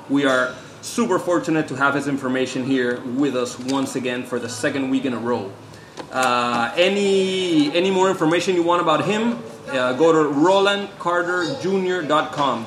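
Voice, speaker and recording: A man hosting a fitness podcast, introducing his guest and asking questions in an upbeat way with many "uh" fillers. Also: a little high. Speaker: podcast host. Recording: echoey room with faint noise.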